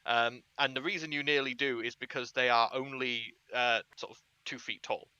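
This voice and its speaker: A man's voice: mid-range voice, steady tone, moderate pace, bright, forceful tone, clean tone, dry recording, dull audio. A man narrating as game master of a tabletop game, descriptive and chatty. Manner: descriptive, uses fillers.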